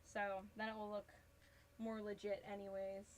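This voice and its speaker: A woman's voice: mid-range voice, monotone, moderate pace, slight background noise, poor audio. A woman chatting casually while she crafts a cosplay on a live stream, rambling, laughing often and answering her chat. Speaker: cosplay livestreamer.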